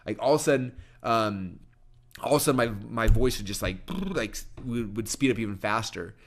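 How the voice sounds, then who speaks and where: Fast-talking energetic male marketing trainer. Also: lowish voice. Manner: rapid-fire, energetic, frequent restarts. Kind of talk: presenting a sales training talk.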